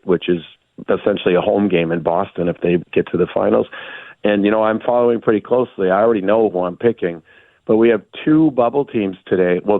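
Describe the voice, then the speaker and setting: A hoarse, low-voiced man joins over a tinny phone line. He talks sports with enthusiasm, often restarting his words, and the line sounds dry. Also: dry recording. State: hoarse from laryngitis. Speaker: sports guest. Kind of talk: casual sports radio chat.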